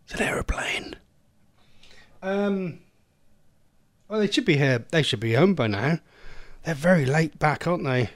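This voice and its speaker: A chatty English man presenting a homemade radio phone-in on his own. His pitch sits a touch high and moves all over the place. The sound is close and completely dry. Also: animated, unhurried, long pauses, no room sound. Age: adult, a former smoker. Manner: chatty, rambling, self-interrupting. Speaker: host of an online radio phone-in. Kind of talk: casual solo radio chat.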